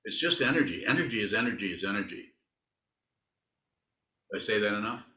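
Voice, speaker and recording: Male Buddhist teacher, low forceful voice, rambling and teasing, echoey room. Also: animated, brisk. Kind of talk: dharma talk answering students.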